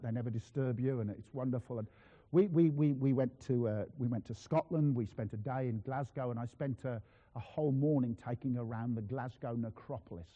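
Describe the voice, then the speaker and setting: A man preaching a sermon, emphatic, swinging between loud declarations and quiet asides. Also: mid-range voice, breathy edge. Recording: dull sound in a reverberant hall.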